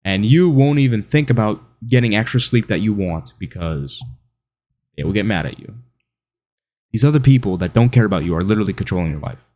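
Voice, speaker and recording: A man with a lowish, mellow voice delivers a mocking, opinionated monologue. He talks straight to his listener and now and then slips into whiny impressions of other people. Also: expressive, brisk. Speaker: online commentator. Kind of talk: monologue to camera.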